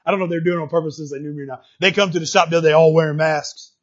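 Middle-aged male preacher, high husky voice, animated delivery with loud and quiet turns. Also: very fast. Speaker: pastor. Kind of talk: sermon. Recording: dull lo-fi recording.

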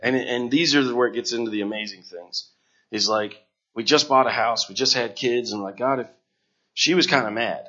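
A man, a missionary, tells his story to a gathered audience in a halting, earnest, emotional way, repeating words when moved. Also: mid-range voice, sharp tone. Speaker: missionary sharing his testimony. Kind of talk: emotional personal testimony to a gathering. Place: room before a gathered audience. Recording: dull lo-fi recording.

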